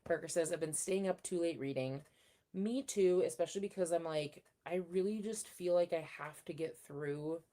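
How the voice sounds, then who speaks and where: A woman's voice: on the low side, normal speed, warm tone. A young woman hosting a casual livestream, chatting and reading out viewer comments in a rambling, friendly way. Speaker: livestream host. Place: home room.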